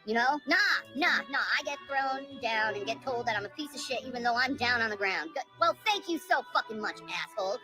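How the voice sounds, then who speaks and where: A high-pitched woman vents in a stammering, swearing rant with a fed-up edge. Her voice leaps up and down in pitch as she talks. A cheerful old song plays loudly underneath. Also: lively intonation, brisk, few pauses, low-quality recording. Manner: profane, stammering, exasperated. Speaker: vlogger. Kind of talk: angry ranting monologue. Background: music.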